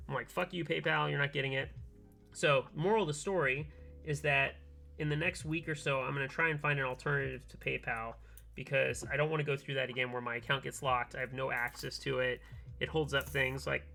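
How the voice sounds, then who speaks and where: A man streaming from his workbench, telling a long story in animated casual chat and acting out both sides of a phone call. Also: fairly high pitch, creaky. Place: home workbench, soldering keyboards.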